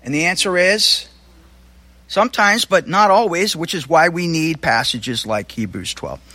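A male pastor preaching a sermon in a conversational way, with asides and quick self-corrections. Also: a little high, lively intonation, pushed and bright, dry recording.

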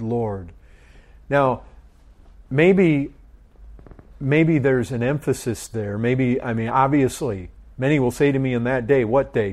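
A man's voice: mid-range voice, darkish tone. A middle-aged man leading a group Bible study, asking questions and often repeating his words. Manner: slow, questioning, repeats phrases.

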